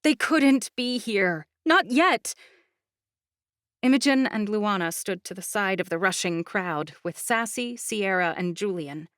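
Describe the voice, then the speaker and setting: A woman narrating a fantasy audiobook in the first person, with steady storytelling. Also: mid-range voice, a little slow, dry recording, clean studio sound.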